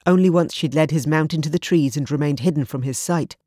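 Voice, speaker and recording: Dry, measured male audiobook narrator. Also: on the high side, no room sound. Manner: steady, measured storytelling.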